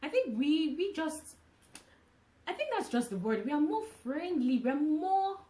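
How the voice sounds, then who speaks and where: A woman vlogging casually to camera, from Nigeria, who talks in an animated way, repeating phrases and restarting often. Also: high voice, a little slow, echoey room.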